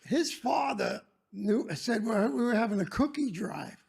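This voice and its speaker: Older male guest, husky high voice, lively delivery, former teacher spinning stories. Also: a little slow. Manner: animated, raises voice for quoted lines. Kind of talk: casual storytelling.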